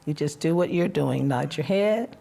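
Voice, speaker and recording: Encouraging woman host, lowish voice. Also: lively intonation, normal speed, vocal fry, warm tone. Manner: reflective and encouraging, storytelling. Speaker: podcast host. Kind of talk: heartfelt conversational interview.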